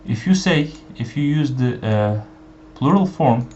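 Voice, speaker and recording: Slow-spoken man teaching a language lesson. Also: mid-range voice, expressive, a little mellow. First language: Turkish. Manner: slow and deliberate, many uh fillers, repeats example phrases. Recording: dull lo-fi sound with faint background hiss.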